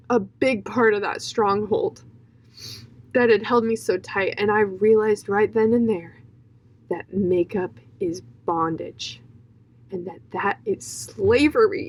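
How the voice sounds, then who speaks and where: A woman's voice: mid-range voice, poor audio. A young woman telling an emotional personal testimony in an earnest, heartfelt way, full of fillers and restarts. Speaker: guest sharing her testimony.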